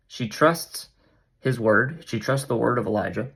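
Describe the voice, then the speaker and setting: A man's voice: medium pitch, expressive, normal speed, creaky, fairly bright tone, husky. A man hosting a casual Bible study vlog, retelling the passage in a playful, jokey, slangy way. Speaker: vlog host.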